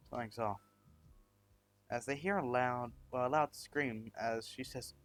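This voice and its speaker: A man's voice: medium pitch, a little slow, fairly bright tone. A man narrating a fan-made story, rambling with many fillers and restarts.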